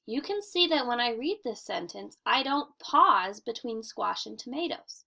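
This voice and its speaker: Woman teacher, recorded kids' lesson, unhurried and careful, gravelly edge to a bright voice. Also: on the high side, very animated. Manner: clear, deliberate teacher talk, slowing to model reading aloud. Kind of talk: recorded grammar lesson for children.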